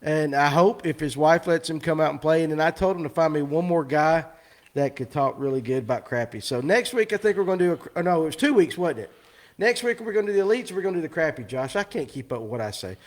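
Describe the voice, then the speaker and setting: A man's voice: on the high side, expressive, quick pace. A man hosting a live fishing show, rambling and teasing his guests in casual chat.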